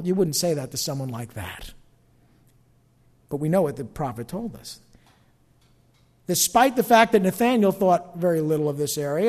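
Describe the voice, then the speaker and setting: A man's voice: sits high, darkish tone, big-room sound. A man with a North Jersey accent, preaching a sermon in a chatty way, full of asides and questions to the congregation. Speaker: pastor.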